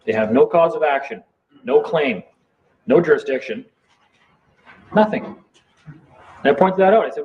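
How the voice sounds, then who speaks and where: A man's voice: on the high side, sing-song, normal speed, long pauses. Defiant man on a dull lo-fi line. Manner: heated, defiant storytelling with swearing. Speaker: live stream participant. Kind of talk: casual late-night chat. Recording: dull lo-fi sound with faint noise.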